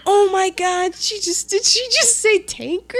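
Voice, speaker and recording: A young woman co-hosting a podcast recaps a film in casual chat, speaking slowly in a very high-pitched voice. She's animated, laughs a lot, and acts out the characters' lines.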